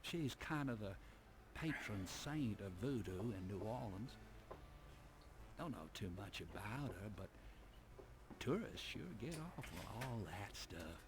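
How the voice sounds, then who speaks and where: A man's voice: on the low side, lively intonation, measured pace, long pauses. A man voicing a laid-back, offhand bartender in a video game.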